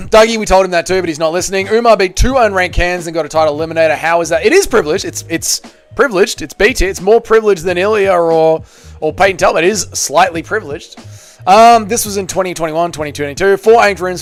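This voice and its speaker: A young man who talks quickly and rambles as he reads viewer comments aloud on a casual stream. He fills his talk with "like" and swears freely. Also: high-pitched. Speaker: MMA livestreamer.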